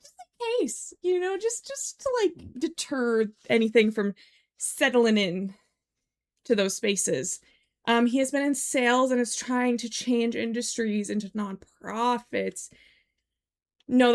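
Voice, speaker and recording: A young woman streaming from home, chatting casually and rambling with lots of "like"s. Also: on the high side. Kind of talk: casual live-stream chat. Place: home room.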